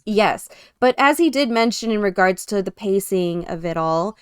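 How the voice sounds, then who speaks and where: A woman hosting a casual film review podcast, chatty and quick to laugh. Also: mid-range voice, lively intonation, smooth, no room sound, clean studio sound. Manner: giggly, chatty, reads chat comments. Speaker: podcast host. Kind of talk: casual chat.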